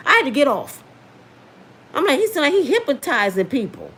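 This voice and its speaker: A middle-aged woman talks through a casual commentary stream in a sassy, animated way. Her pitch sits on the high side and jumps up and down a lot. A faint hiss runs under the recording. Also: fairly quick. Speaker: livestream host reading viewer comments.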